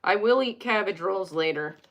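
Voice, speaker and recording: A woman's voice: medium pitch, expressive, normal speed, fairly bright tone, lo-fi sound. A young woman hosting a casual live stream from home, reading tarot cards and chatting with viewers, joking and wandering off into asides.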